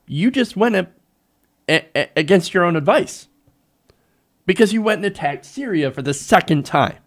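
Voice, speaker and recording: A man's voice: high voice, lively intonation, moderate pace, pauses often. A male host giving casual, sarcastic live political commentary, full of fillers and chuckles.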